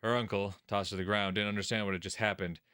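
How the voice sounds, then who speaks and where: A man voicing a teenage boy who narrates his own tense inner thoughts in a slow, hushed, brooding visual novel reading. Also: lowish voice, little pitch movement, smooth, dry recording, clean studio sound, pitched below the performer's own voice. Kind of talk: visual novel read-aloud.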